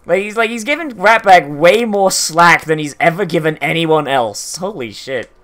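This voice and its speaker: A man's voice: a little high, expressive, moderate pace, hardly any pauses, fairly bright tone. A man commentating his gameplay with profane, joking banter. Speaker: gameplay streamer. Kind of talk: let's play commentary.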